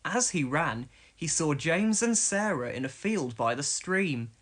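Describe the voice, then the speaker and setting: A woman narrating a children's storybook read-along, expressive in delivery. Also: deep voice, unhurried.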